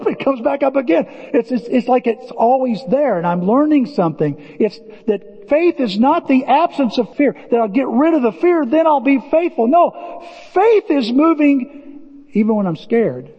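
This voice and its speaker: Animated high-voiced man preaching. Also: normal speed, breathy edge, big-room sound, highs cut off. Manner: animated, acts out quotes, repeats words. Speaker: pastor. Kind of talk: sermon.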